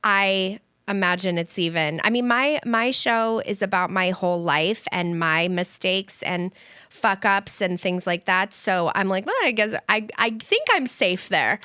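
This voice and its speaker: A woman comedian chatting as a podcast guest, quick and expressive. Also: medium pitch, smooth, no echo. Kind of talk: casual chat.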